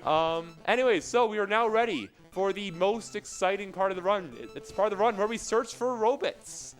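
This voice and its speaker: A man's voice: high-pitched, moderate pace, soft background music, rough recording. A man commentating live on his speedrun of a game, explaining its mechanics in a joking, rambling way. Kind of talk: live commentary while playing.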